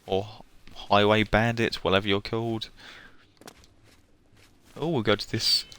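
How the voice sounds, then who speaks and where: A man's voice: on the low side, level tone, measured pace, fairly bright tone, smooth. Chatty, laughing male game streamer. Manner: rambling, chatty, laughs often. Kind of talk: casual live game stream commentary.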